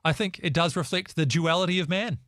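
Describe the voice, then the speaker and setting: A man with a New Zealand accent hosting a casual chat show, lively and jokey, often slipping into mocking voices. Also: fairly high pitch, fairly quick, no room sound, studio quality. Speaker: host.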